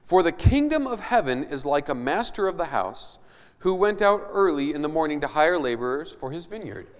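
Male pastor, sermon, reads scripture then explains it, emphatic questions, a little high-pitched, long hall echo. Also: smooth. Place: church hall.

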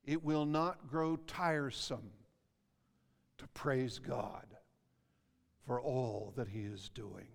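A male pastor preaching a sermon, reading scripture slowly and emphatically, swelling and dropping in intensity. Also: mid-range voice, creaky, big-room sound.

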